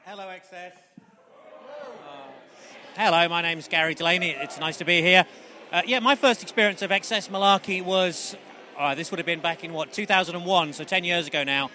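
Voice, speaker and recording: A man, a comedian, chatting in an interview, quick and wry, often restarting sentences. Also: high-pitched, sharp tone, a faint crowd. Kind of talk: casual interview.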